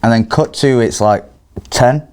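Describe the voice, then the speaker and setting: Man, 20s, podcast guest, casual storytelling, animated, swears, mid-pitched voice. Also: a little slow, clean tone. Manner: animated, swearing, laughs often while telling stories.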